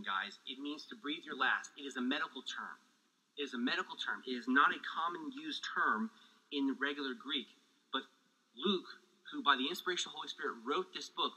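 A man preaching a sermon with lively energy, joking asides and heat, sweating as he talks. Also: a little high, low-quality recording. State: sweating, overheated. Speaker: pastor.

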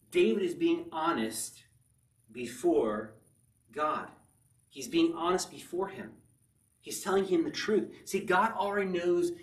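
A man preaching an earnest sermon as a pastor, reading scripture aloud and rising to near-shouts. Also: on the high side. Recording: echoey room, from a distance.

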